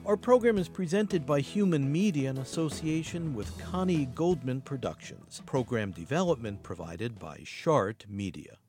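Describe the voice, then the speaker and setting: A man's voice: mid-range voice, very animated. A man hosting a public radio program and reading its credits. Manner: measured announcer reading. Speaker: radio host. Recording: music under the voice.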